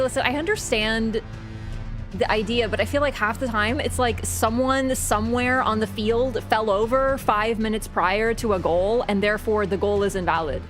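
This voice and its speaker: Woman streamer, high-pitched, rambling and swearing through a casual rant, music behind. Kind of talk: casual live-stream chat.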